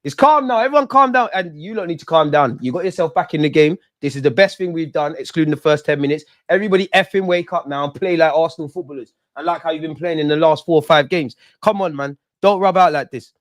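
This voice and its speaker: A young man hosting a live football watch-along, talking at the players on screen and yelling at big moments. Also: on the high side, fast talker, hardly any pauses. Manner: excitable, talks to the players on screen; shouts and yells at goals and chances.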